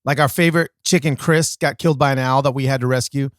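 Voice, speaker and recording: A man hosting a podcast, telling a casual story in an animated way with comic exaggeration and self-mocking asides. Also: mid-range voice, fast, dry recording, clean studio sound. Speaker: podcast host.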